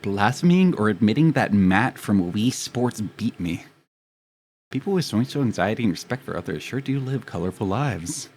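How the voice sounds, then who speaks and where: Young adult male streamer, casual and profane, rambling self-mocking chat, slightly low pitch. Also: lively intonation, moderate pace, a little mellow, husky.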